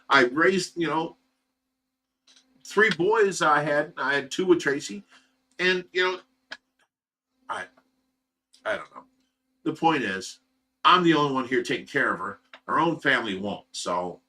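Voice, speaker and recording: A man with an Ohio accent rambles through a personal story on a livestream, circling back and restarting often. His voice is bright and forceful and sits a little high for a man. He sounds set back from the microphone, so the room carries a little. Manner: rambling, repetitive, many fillers and restarts. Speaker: livestream host. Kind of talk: casual storytelling to viewers. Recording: voice some distance from the mic.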